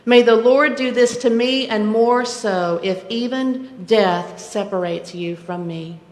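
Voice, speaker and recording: A woman reading as a loyal young widow pledging to stay, earnest and steadfast. The words come slow and deliberate. The sanctuary adds a long, roomy echo. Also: on the high side. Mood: earnest, devoted. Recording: echoey church sanctuary.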